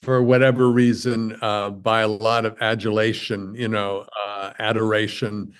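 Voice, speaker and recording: A man as a podcast guest in casual chat, halting and self-deprecating, often repeating words as he talks. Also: lowish voice, little pitch movement, clean tone.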